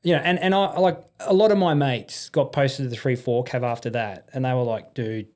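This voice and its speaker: An Australian man, a veteran guest, telling stories in a relaxed interview, swearing freely and acting out the people in them. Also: mid-range voice, fairly quick. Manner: swearing, animated anecdote-telling with laughs. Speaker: podcast guest, army and police veteran. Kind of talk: casual storytelling interview.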